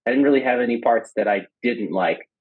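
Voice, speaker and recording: A man in his thirties, a podcast guest, telling a story in an excited, casual way. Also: mid-range voice, fairly quick, husky. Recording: dull lo-fi sound.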